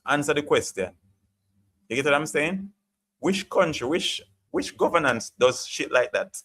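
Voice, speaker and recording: A man's voice: on the high side, animated, normal speed, fairly bright tone, breathy edge. A man from Jamaica with a Jamaican accent, hosting a live chat stream and ranting passionately, often repeating himself. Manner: passionate, ranting, repeats "you get what I'm saying". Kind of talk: opinionated live chat monologue.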